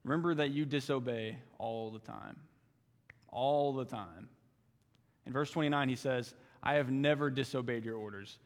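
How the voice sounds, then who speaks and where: A man's voice: mid-range voice, moderate pace. Young man, youth sermon, earnest, repeats lines for emphasis, echoing church hall. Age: young adult. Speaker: youth intern preacher. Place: church sanctuary.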